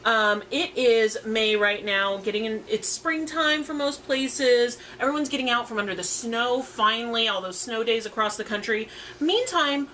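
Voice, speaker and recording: Woman co-host, sarcastic and animated, fairly high and lively voice, casual banter. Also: normal speed, slight background noise. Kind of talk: casual chat over drinks.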